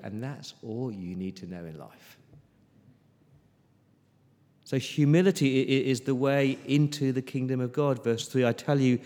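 A man preaching an earnest sermon, often repeating words and dropping into soft, pleading passages. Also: mid-range voice. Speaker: pastor. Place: church hall. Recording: long church reverb.

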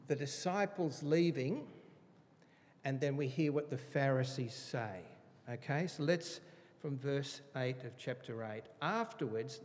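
Male Bible teacher, lively and emphatic, a bit high-pitched, long hall reverb. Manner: animated, emphatic, chatty asides. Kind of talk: conversational Bible study sermon.

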